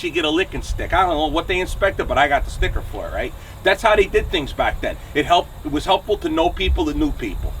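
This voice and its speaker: A man's voice: sits high, a bit bright, distant mic, slight background noise. A man in his forties with a New Jersey accent, ranting angrily and bluntly to camera outside his truck shop, swearing and punctuating with "okay?" and "right?". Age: 40s. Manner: angry, profane, blunt, keeps asking "okay?" and "right?". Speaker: trucking channel host. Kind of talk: angry to-camera rant.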